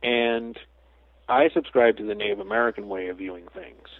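A man talking as a guest psychic medium in a casual interview, a chatty storyteller who slips into lively quoted asides. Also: mid-range voice, moderate pace, no room sound. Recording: tinny phone line, dry.

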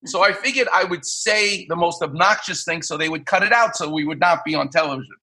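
A middle-aged man from New York, a surgeon guest on a podcast, telling lively anecdotes and acting out the people in them. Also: a little high, fairly quick. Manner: animated anecdote-telling, acts out quoted voices. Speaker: guest, orthopedic surgeon and radio host. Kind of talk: podcast interview storytelling.

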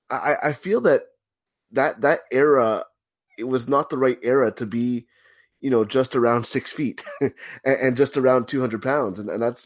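A man guesting on a sports podcast, talking in a measured, analytical way and often repeating words as he thinks. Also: mid-range voice, dry recording. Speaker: podcast guest, hockey blogger. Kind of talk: casual sports podcast chat.

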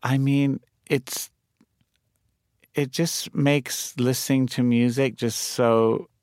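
A man's voice: mid-range voice, fairly even intonation, slow pace, darkish tone, no room sound, studio quality. A man with a mixed English and New York accent, a music producer talking casually as a guest and rambling with lots of "like" fillers. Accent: mix of English and New York. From England. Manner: rambling, heavy use of "like" fillers. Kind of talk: casual conversation.

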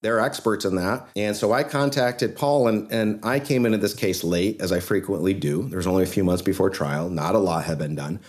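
Earnest low-voiced man telling a story. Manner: animated, earnest, fast-moving storyteller. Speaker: trial lawyer guest. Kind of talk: storytelling podcast interview.

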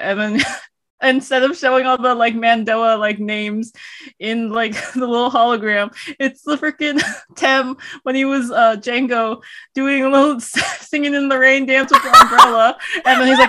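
Giggly woman with a slightly higher voice. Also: fairly even intonation, normal speed, bright, forceful tone. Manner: giggly, lots of fillers. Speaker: podcast co-host. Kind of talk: casual fan chat.

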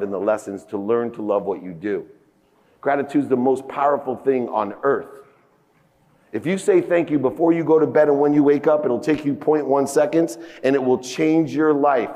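A man delivers a motivational keynote from a conference stage through a stage microphone. He tells stories emphatically and acts out heated dialogue with rising outbursts. His mid-pitched voice rings with the long reverb of a big hall. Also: a little mellow. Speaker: keynote speaker.

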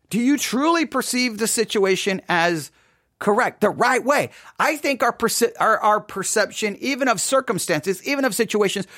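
A man preaching a sermon, emphatic and repetitive, firing off rhetorical questions and sometimes dropping into quiet asides. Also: very high voice, no room sound, clean studio sound.

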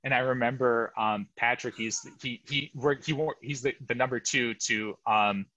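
A man's voice: mid-range voice, steady tone, moderate pace, bright, forceful tone, no echo, lo-fi sound. A middle-aged man as an interview guest, telling a long rambling story and interrupting himself. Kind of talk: casual interview chat.

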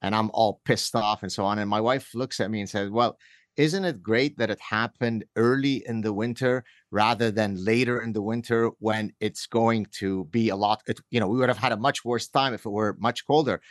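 A man's voice: lowish voice, fairly even intonation, moderate pace, no room sound, clean studio sound. A middle-aged man from Canada, a guest author on a podcast, talking in a wandering way with lots of restarts and wry humor. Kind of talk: conversational interview.

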